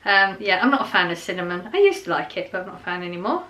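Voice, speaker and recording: A woman's voice: mid-range voice, animated, fast talker, pushed and bright. A middle-aged woman, chatting casually to camera in a rambling way, with many fillers and restarts. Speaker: vlogger.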